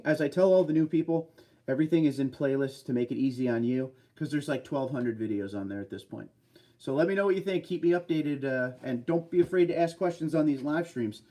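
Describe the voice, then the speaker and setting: A man's voice: mid-range voice, mellow. Guy hosting a livestream from his desk chair, chatty, reads out comments and answers them. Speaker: livestream host. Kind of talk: casual livestream chat reading viewer comments. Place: home desk in a racing chair.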